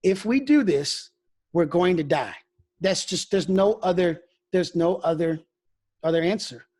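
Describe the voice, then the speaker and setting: A pastor with a high-pitched voice and a somewhat dark tone tells stories in a frank, conversational interview. He speaks a little slowly and keeps restarting his phrases.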